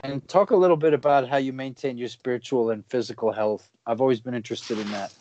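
Relaxed middle-aged male podcast host. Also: quick pace, slight background noise. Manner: relaxed, reflective, asks long questions. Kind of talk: casual chat. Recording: dull, dry low-fidelity sound.

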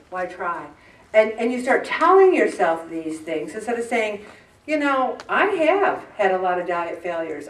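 A middle-aged woman giving an informal devotional talk, animated and acting out the voices she quotes. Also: fairly high pitch. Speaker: Christian speaker on emotions. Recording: echoey room, mic far off.

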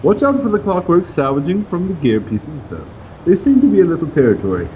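A man's voice: a little high, very animated, fairly quick, mellow, slight background noise, low-quality recording. A man playing along in a game, casually chatting and reading quest text aloud in a mock proper voice. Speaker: co-player. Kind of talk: casual gameplay chat.

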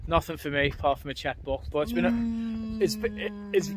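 A man's voice: sits high, animated, normal speed. A young man, chatting upbeat and matey to the camera while fishing on a riverbank at night. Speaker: fishing channel host. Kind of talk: casual outdoor vlog chat.

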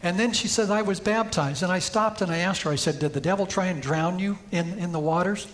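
High-pitched male preacher, storytelling sermon with emphatic peaks, church setting. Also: fairly quick, fairly bright tone. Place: church sanctuary.

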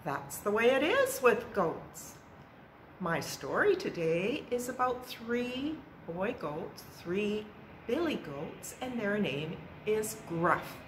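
Slow, lively woman telling kids a story. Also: mid-range voice. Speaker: library storytime presenter. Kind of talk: children's storytime narration. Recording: roomy echo with faint background noise.

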